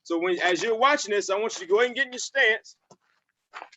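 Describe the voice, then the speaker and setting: A man coaching football players in a virtual session, energetic and repetitive. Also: high voice, fairly quick, dull audio, a little hiss or hum.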